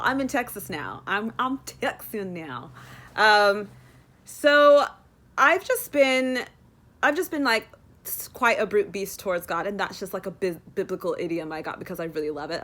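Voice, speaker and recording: Expressive woman rambling about faith. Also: medium pitch, moderate pace. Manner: rambling and expressive, many fillers, dramatic voiced complaints. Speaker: Christian vlogger. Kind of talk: casual devotional vlog. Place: in Texas.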